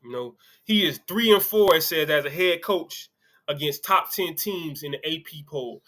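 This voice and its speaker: A man's voice: fairly high pitch, normal speed, sharp tone. A man hosting a casual sports live stream, talking loosely through college football results and reading viewer comments with offhand asides. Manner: loose, conversational, reads comments aloud with asides. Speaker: sports show host.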